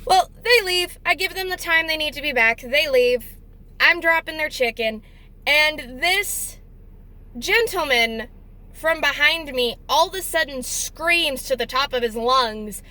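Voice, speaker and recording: A woman's voice: high voice, expressive, unhurried, sharp tone, low-quality recording. A young woman telling a workplace story in a chatty, exasperated way, casual storytime vlog. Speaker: deli worker telling a story.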